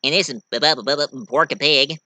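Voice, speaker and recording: A man's voice: fairly high pitch, normal speed, sharp tone, no room sound. A man voicing a shy cartoon pig with a heavy stutter. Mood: sheepish.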